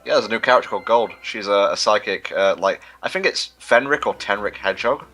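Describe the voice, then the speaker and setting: Lower-voiced man reading stream chat. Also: quick pace, bright, forceful tone, faint music behind. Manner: chatty, reads viewer questions aloud. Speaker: livestream co-host reading chat. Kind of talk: casual gaming livestream chat.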